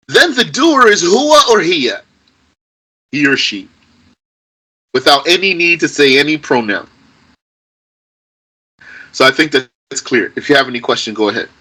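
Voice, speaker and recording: A man's voice: sits high, bright, forceful tone, rough recording. A man teaching an Arabic grammar lesson to a class, patient and repetitive, stressing key points emphatically.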